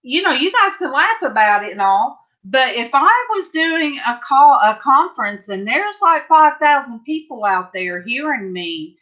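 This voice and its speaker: Middle-aged woman host, unhurried rambling chat with viewers, high bright voice, lo-fi home stream. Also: very animated. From California. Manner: rambling, chatty, answers viewer comments. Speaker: livestream host. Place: home craft room. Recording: slightly dull lo-fi sound.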